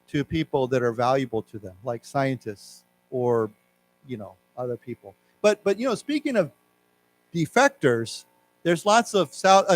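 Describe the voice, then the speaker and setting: A man teaching an English class in a library, explaining word meanings and leading learners in repeating words aloud. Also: a little high. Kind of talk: live English lesson for learners. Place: library lecture room.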